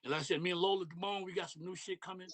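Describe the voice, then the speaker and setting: Fast-talking middle-aged man from Detroit. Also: sits high, steady tone, a crowd in the background. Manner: loose street talk with frequent "you know what I mean". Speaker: podcast guest. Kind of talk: casual interview chat.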